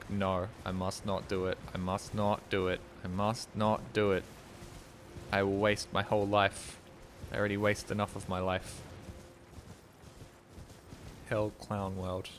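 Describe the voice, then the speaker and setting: A man's voice: lowish voice, fairly bright tone, a little hiss or hum. A man streaming a video game, rambling casually to his chat and swearing freely. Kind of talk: casual gameplay commentary.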